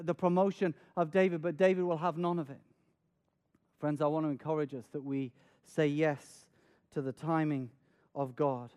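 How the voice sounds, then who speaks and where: Preacher, male, high voice, earnest sermon delivery with dramatic retellings and stuttered repeats. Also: darkish tone, clear, resonant tone. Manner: earnest, repeats words when stressing a point; dramatic, acts out scenes with raised voice.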